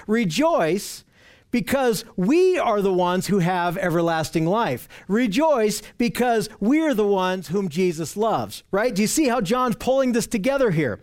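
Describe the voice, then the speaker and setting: A man's voice: high voice, darkish tone. A man preaching an expository Bible sermon, earnest and explaining verses, often asking "right?" to his listeners. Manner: earnest, asks rhetorical questions, repeats "right?". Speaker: pastor.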